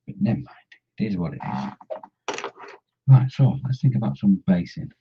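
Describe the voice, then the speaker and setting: A man's voice: deep voice, big pitch swings, moderate pace, vocal fry, dark tone, slightly rough. A man chatting casually while painting miniatures, rambling and humming to himself. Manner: rambling, hums and mumbles to himself. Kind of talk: casual chat while working. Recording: dull lo-fi sound.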